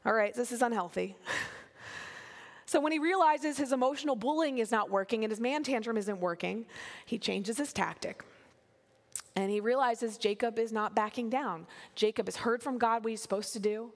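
A woman preaching a sermon, animated and playful, acting out the figures of the scripture story she tells. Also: on the high side, normal speed. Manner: animated, acts out biblical figures in playful voices. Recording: long hall reverb.

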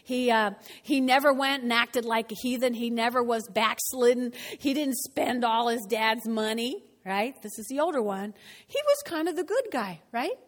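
A woman pastor preaching a sermon in a church, animated and conversational, often asking the congregation questions. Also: a little high, moderate pace. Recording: long church hall reverb.

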